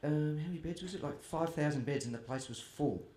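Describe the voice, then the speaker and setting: This author's voice runs high and dark, and he talks at a fairly quick clip. Chatty and poking fun at himself, he entertains a festival crowd with comic tales about his family in a tent or hall, recorded in a roomy space with faint background ambience.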